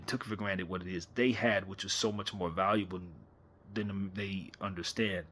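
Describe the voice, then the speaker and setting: A man's voice: deep voice, fairly bright tone, a little hiss or hum. A man hosting a casual late-night fan chat on camera, talking animatedly and rhetorically, often repeating himself. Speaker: fan commentary host.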